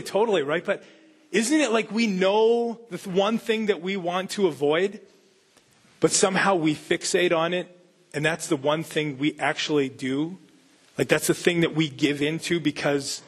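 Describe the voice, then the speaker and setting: A man's voice: fairly high pitch, husky. A man pastor giving a conversational sermon, full of rhetorical questions and casual asides.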